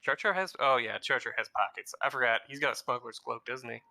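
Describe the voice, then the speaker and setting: Bright-voiced man playing a tabletop game. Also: medium pitch, fairly quick, gravelly. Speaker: player.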